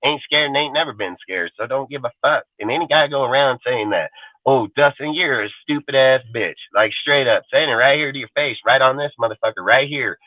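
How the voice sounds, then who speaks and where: A man's voice: medium pitch, a little fast, few pauses, no room sound. A sports talk show host, a man, ranting in an aggressive, profane and defiant way during a live show. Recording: tinny phone-like dry line.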